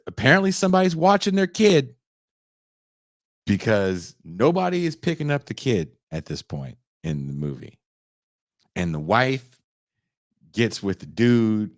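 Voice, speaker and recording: A man's voice: deep voice, no echo, clean studio sound. A young man hosting a podcast, retelling a film's plot in a profane, sarcastic way and briefly acting out the characters. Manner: profane, sarcastic, acts out characters in quick voices. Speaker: podcast host reviewing a film. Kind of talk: casual comedic retelling.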